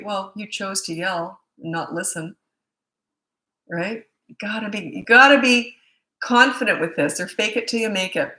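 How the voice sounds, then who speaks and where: Brief: middle-aged woman parenting coach, lively chatty Q&A, voices the kids she quotes, roomy echo. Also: medium pitch. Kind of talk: casual live Q&A talk. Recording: echoey room.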